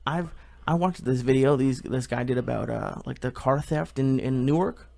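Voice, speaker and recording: A man's voice: mid-range voice, normal speed, vocal fry, darkish tone. A man chatting casually as a podcast co-host, hesitant and anxious, full of likes and restarts. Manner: hesitant, anxious, filler-heavy. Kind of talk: casual chat.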